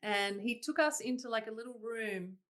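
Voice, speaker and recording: A woman, a singer-songwriter guest telling her stories in a casual interview, animated and laughing, quoting herself in exclaimed asides. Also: a little high, moderate pace. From Australia.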